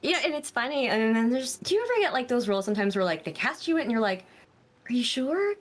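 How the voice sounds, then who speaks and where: A young woman guest in a casual conversation about voice acting, expressive, demonstrating voices by jumping her pitch high and low. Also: rapid-fire. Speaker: guest, voice actress.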